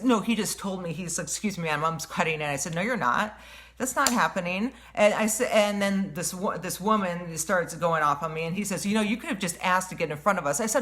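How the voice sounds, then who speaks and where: Woman, slightly low voice, casual vlogger retelling a confrontation with lots of filler words and restarts. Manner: rambling, animated retelling with many fillers and restarts; says she has a wicked tongue. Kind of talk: casual storytelling.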